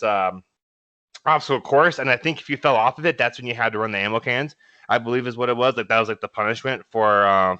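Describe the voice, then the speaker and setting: Laughing young man, bright voice. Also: medium pitch, no room sound, highs cut off. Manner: laughs often, many fillers and restarts. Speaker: podcast co-host. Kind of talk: casual storytelling.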